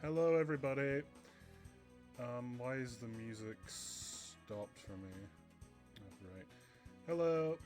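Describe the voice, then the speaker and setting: A young man chatting on his home livestream, his voice sitting in a middling pitch. He rambles casually to his viewers with a slightly stuffy, runny nose, with soft music playing faintly underneath. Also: slow, pauses often. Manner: rambling, chatty, often laughing. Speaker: streamer.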